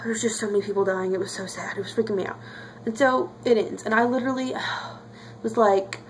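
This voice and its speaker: A woman's voice: medium pitch, a little hiss or hum. A young woman talking casually to camera in a reaction vlog, chatty and emotional. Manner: chatty and emotional, lots of fillers. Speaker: vlogger.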